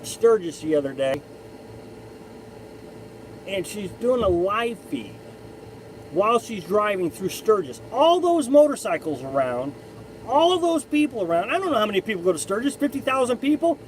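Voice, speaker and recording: High-voiced man chatting on a live stream. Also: animated, moderate pace, a little hiss or hum, poor audio. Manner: rambling, chatty, frequent restarts. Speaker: live stream host reading chat. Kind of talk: casual live chat.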